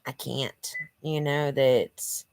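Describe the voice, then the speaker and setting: Woman vlogger, low and unhurried, earnest and rambling, slightly stuffy nose. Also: steady tone, creaky, a little mellow, clean tone, no room sound. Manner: rambling, many "you know" fillers, earnest. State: stuffy from allergies. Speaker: channel host. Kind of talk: casual direct-to-camera vlog. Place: living room at home.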